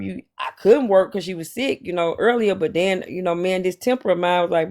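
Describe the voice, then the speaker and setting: Man in his 40s, slangy lively storyteller, slightly high voice. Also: brisk, gravelly, hardly any pauses. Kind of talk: casual chat.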